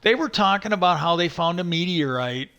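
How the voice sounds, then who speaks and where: Bright-voiced man telling a rambling story. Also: sits high, lively intonation, a little fast. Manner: meandering, acts out quoted voices animatedly. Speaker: livestream host.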